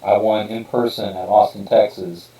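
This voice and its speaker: Deep-voiced man talking in an echoey room. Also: steady tone, normal speed, mellow, far from the mic. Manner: rambling, many fillers and restarts. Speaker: podcast host and author. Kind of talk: casual podcast talk. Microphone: streamed podcast mic.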